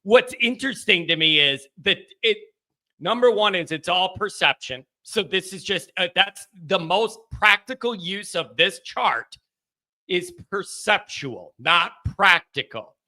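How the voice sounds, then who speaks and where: High, bright-voiced talk-show guy. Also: lively intonation. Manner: rambling, self-deprecating, quick laughs. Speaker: call-in show host. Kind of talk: casual sports talk monologue.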